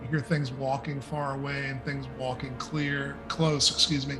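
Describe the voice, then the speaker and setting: An American man running a tabletop game as dungeon master, narrating scenes and switching quickly into characters. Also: medium pitch, level tone, music in the background.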